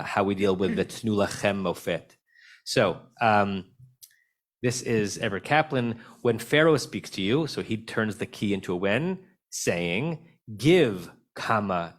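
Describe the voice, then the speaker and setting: A man teaching a text-study class as rabbi, talking conversationally and telling stories with an animated, laughing delivery over a video call. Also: on the low side. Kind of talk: lively text study discussion.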